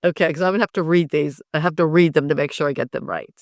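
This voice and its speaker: A middle-aged woman coaching public speaking, lively and often laughing as she demonstrates. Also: low-pitched, fast talker, no echo, clean studio sound. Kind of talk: instructive interview talk.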